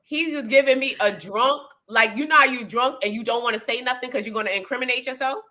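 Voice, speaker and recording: A woman co-host speaking bluntly, with plenty of profanity and animated emphasis. Her voice is high and bright. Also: fast. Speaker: podcast co-host. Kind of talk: casual chat.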